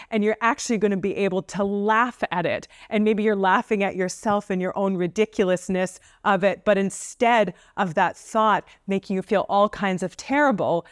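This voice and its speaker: A woman's voice: mid-range voice, no room sound, studio quality. Playful woman talking self-help. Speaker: counsellor. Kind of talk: casual advice talk to camera.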